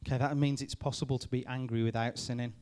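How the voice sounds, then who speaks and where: A man leads a youth group as their pastor, with a smooth, resonant voice. He talks to the room and keeps checking in with a quick "okay?" He speaks at a middle pitch. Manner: lively, addresses the group with frequent "okay?" checks. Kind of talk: youth talk. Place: room with a live youth audience.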